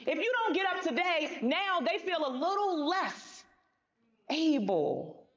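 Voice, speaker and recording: A woman's voice: very high voice, big pitch swings, slow, highs cut off. A woman giving a motivational speech on a conference stage, emphatic and colloquial, talking straight to the audience. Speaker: motivational speaker.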